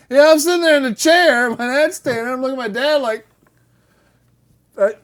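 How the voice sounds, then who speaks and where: Middle-aged male co-host, animated storyteller, laughs often, acts out quotes. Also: extremely high pitch, brisk. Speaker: podcast co-host telling a story. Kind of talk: casual storytelling chat.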